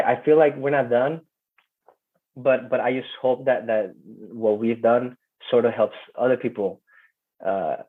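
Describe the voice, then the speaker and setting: A man who is not a native English speaker, talking in a casual interview and often stopping to repeat words as he searches for them. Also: medium pitch. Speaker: interview guest. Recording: tinny phone-like call audio.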